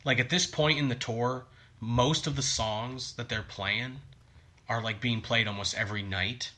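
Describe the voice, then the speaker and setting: In an unhurried, fairly even mid-range voice that comes across pushed and bright, a man co-hosts a podcast. The chat is casual and rambling, littered with many likes and ums.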